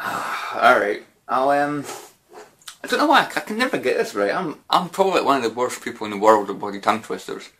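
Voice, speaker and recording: A man's voice: mid-range voice, very animated, fairly quick, pushed and bright, a little hiss or hum. A man answering viewer questions in a casual, rambling way, with lots of fillers and mild swearing. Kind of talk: casual Q&A chat.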